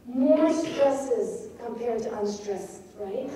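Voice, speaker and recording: A woman giving a lecture on poetry, reading lines aloud with expressive emphasis. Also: fairly high pitch, moderate pace, distant mic, slight background noise. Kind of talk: lecture on poetic rhythm. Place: lecture hall at a festival. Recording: echoey hall, recorded from afar.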